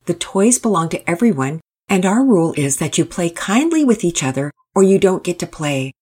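A woman voicing a patient but firm father in a storybook, speaking calmly and steadily. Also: fairly low pitch, normal speed, slightly rough.

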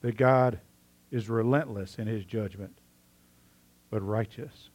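A male pastor preaching a sermon, telling a story with lively swings between loud animated passages and quiet, earnest asides. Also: lowish voice, slow.

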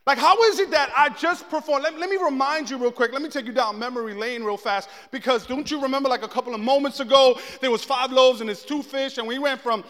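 A man's voice: very high voice, fast, few pauses. A man preaching a casual, comedic sermon in a church, telling stories and acting out what people say. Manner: animated storytelling, acts out quotes. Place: church sanctuary. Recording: long echo of a large hall.

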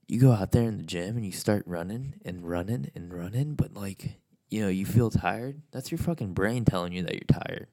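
A man's voice: fairly low pitch, vocal fry, warm tone. A man giving a blunt, profane motivational rant, swearing constantly and repeating himself.

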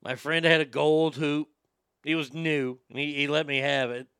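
A man's voice: on the high side, fairly even intonation, moderate pace, a bit bright, clean tone, no echo, clean studio sound. A man from Texas, a talk show host, telling a story in a blunt, profane, laid-back way. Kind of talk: casual storytelling chat.

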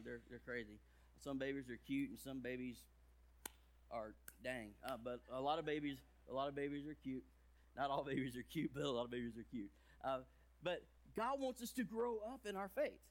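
A pastor in his thirties gives a children's sermon full of jokes. He's playful, with big swings in both pitch and volume.

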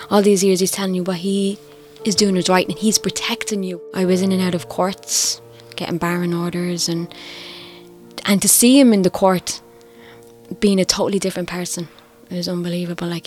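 A middle-aged Irish woman telling her own story, candid and reflective, quietly emotional. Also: on the low side. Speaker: interviewee. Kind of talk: personal testimony. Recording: faint music underneath.

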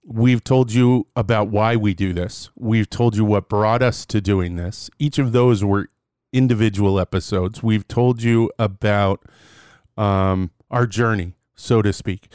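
A man's voice: fairly low pitch, fairly even intonation, a little slow, darkish tone, clean tone, no echo, clean studio sound. A young man co-hosting a podcast in a playful, rambling way, often restarting his sentences. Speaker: podcast co-host. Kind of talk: casual podcast chat.

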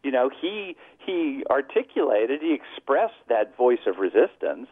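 A man's voice: medium pitch, sing-song, a little slow, husky, no echo. A man who is a psychologist and author, explaining earnestly in a phone-in radio interview. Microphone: telephone. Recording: tinny dry phone line.

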